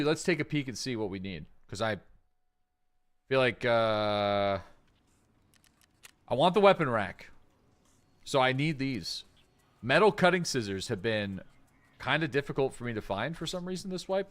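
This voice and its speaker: A man chatting casually while he streams a game, mid-pitched and unhurried. He thinks out loud, trailing off and circling back with lots of fillers. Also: sing-song. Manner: rambling, thinking aloud with many fillers. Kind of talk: casual live-stream gameplay chat.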